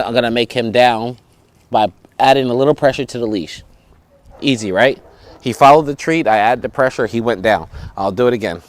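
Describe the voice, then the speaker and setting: This is an instructional dog training video: a man working outside explains every step, gives the dog short commands, and keeps checking in with "right?" and "okay?". His pitch is medium and the recording dry.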